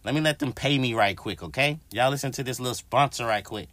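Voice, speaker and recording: A man's voice: mid-range voice, fast, dry recording. A man hosting his own podcast, ranting casually and profanely to his listeners. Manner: profane, animated, addresses listeners directly. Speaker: podcast host. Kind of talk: casual solo podcast rant.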